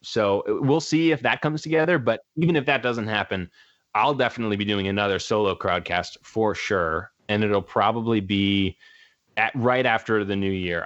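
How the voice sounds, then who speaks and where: A man talks casually as a guest musician in a low voice. He rambles, piling up fillers as he goes. The sound is dry and a bit dull, like lo-fi audio. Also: a bit bright, dry recording. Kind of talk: casual interview chat.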